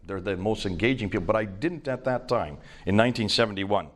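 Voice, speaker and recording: Older American-accented man, low voice. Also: fairly quick. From India. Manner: emphatic, conversational storytelling with fillers. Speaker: speaker at a seminar. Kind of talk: lecture to a live audience.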